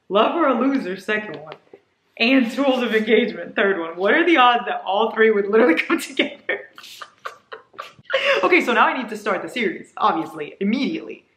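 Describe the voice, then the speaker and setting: Young woman, book vlogger, excitable and gushing, echoey room with faint noise. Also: medium pitch. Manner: gushing, excitable, breathless with delight. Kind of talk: casual unboxing chat.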